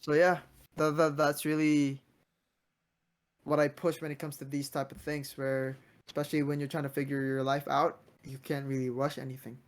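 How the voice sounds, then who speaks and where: A man's voice: fairly high pitch, little pitch movement, normal speed. A man in his twenties hosting a casual podcast, talking earnestly and motivationally, often restarting his sentences. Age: 20s. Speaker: podcast host.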